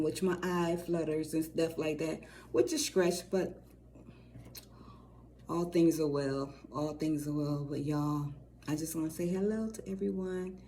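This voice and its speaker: A middle-aged woman co-hosting a faith channel, talking casually and warmly to her viewers, rambling and repeating phrases as she goes. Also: low voice, a little hiss or hum. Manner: warm, rambling, repeats phrases, says y'all. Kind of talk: casual direct-to-camera talk.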